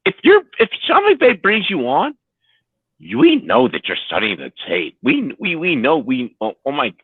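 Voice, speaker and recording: A man from D.C. co-hosting a live football watch-along, excitable and swearing. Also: moderate pace, slightly rough, no echo. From Washington, D.C. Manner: excitable, swearing, bursts into high yelps. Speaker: podcast co-host. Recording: dry, phone-like line.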